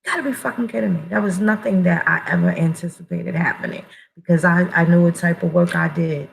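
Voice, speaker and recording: A woman's voice: on the low side, brisk, gravelly, rough recording. A woman giving a blunt, profane casual monologue as an online commentator, emphatic and full of restarts.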